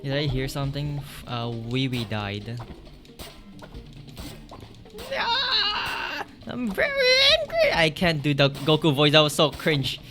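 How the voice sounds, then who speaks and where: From a home setup on a desk mic, a man live-streams a video game, chatting casually with viewers and reacting aloud to on-screen events. His voice is medium-pitched at a moderate pace with few pauses, and game music plays in the background.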